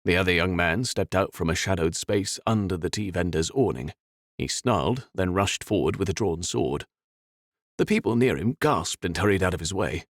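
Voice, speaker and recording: Male narrator, very deep, animated delivery, dramatic fantasy reading. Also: moderate pace, no room sound, studio quality. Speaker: audiobook narrator.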